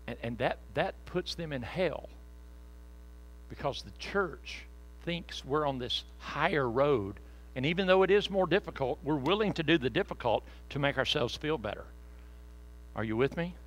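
A man's voice: a little high, expressive, moderate pace, rough recording. A man preaching a sermon as pastor, folksy and conversational with joking asides to the congregation.

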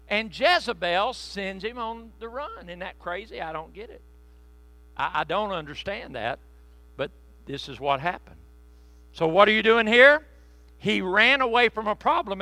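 A man preaching a sermon in a conversational, joking way, slowing down to stress key phrases. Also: high-pitched, sharp tone, no room sound. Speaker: pastor.

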